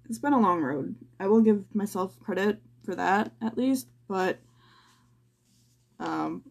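Tired, gravelly-voiced young woman venting. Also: expressive. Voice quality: low, gravelly voice. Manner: slow, halting, sighing, stammers. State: tired and near tears. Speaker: podcast host. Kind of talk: personal venting monologue.

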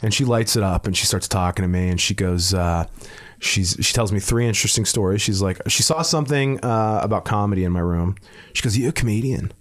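A man's voice: on the low side, fairly quick. Man, comedian, casual podcast storytelling, profane, laid-back, chuckling. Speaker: comedian, guest.

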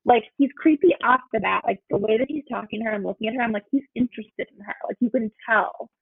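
A woman's voice: on the high side, fast, creaky, slightly rough, no room sound. A woman in casual film talk, animatedly retelling scenes and acting out the lines. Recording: tinny phone-like line.

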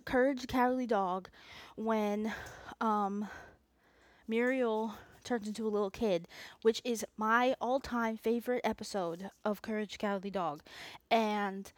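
Hosting her own unscripted solo podcast, a woman with a slightly high voice rambles chattily, full of asides and restarts. She sounds self-aware, and the recording has no room sound.

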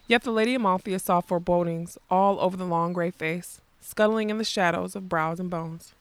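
Audiobook narrator, mid-range voice, unhurried fantasy reading, dry booth sound. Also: mid-range voice, clean tone, no room sound.

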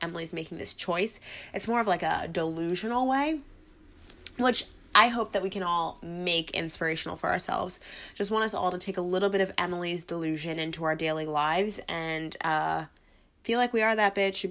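A woman's voice: fairly low pitch, fairly bright tone. Chatty twenty-something woman podcaster. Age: 20s. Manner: chatty, bubbly, lots of ums and asides. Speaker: podcast host. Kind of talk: casual solo podcast chat.

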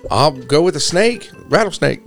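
A man's voice: on the high side, animated, moderate pace, creaky, a bit bright, faint music behind. An American man guessing in a casual game with friends, sarcastic and given to swearing. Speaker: contestant. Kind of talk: casual banter.

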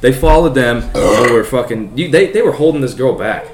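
A man's voice: medium pitch, expressive, moderate pace, over music. A young man telling a rambling story in casual chat, swearing heavily and laughing often. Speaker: podcast co-host telling a story. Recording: roomy echo.

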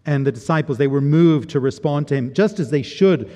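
A man's voice: fairly high pitch, fairly quick, mellow. A man preaching a sermon in an earnest, reflective way, often repeating words as he builds his point. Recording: long reverb of a large hall.

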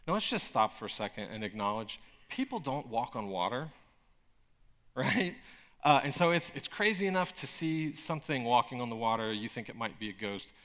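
Preaching at a moderate pace, a medium-pitched pastor keeps his sermon conversational and casual, peppering it with fillers and sudden, emphatic bursts of excitement.

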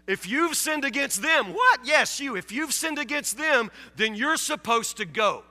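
High, bright-voiced preacher in echoing hall. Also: male voice, lively intonation, measured pace. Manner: emphatic, repeats key phrases, acts out listeners' objections. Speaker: pastor. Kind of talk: sermon.

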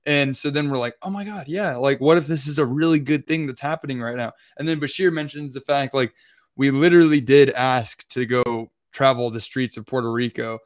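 A young male podcast co-host recounting a trip in a casual, meandering way, full of filler words. His voice sits at an ordinary middle pitch. He comes across as chatty and loose rather than polished. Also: fairly quick. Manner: rambling, heavy use of filler words. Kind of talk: casual storytelling.

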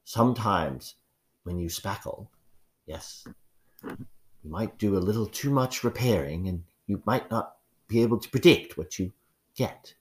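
A man's voice: fairly low pitch, measured pace, pauses often, natural voice. A man voicing a discreet, deferential butler who murmurs formally and hesitantly. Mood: cautious.

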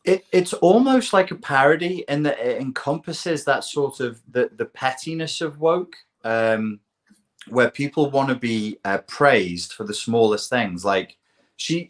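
Sarcastic man with a lively pitch. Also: normal speed. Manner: sarcastic, incredulous, swears freely. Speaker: co-host. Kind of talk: casual reaction commentary.

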